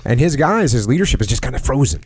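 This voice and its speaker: A man's voice: medium pitch, sing-song, fast, husky, no echo, clean studio sound. A man hosting a podcast, telling a military training story casually with lots of jargon and restarts. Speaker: podcast host.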